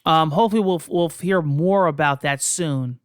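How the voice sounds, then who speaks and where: A gaming video host chatting excitedly about console news, rambling through restarts and scoffing at critics. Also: medium pitch, moderate pace, clean tone, no room sound, studio quality. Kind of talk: casual gaming news vlog.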